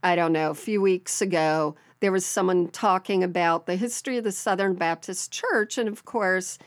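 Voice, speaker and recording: This Southern American woman, a podcast co-host, recounts a listener's story casually, chatting and laughing frequently as she tells it. She speaks at a moderate pace in a fairly low pitch. The recording is clean studio sound with no room sound.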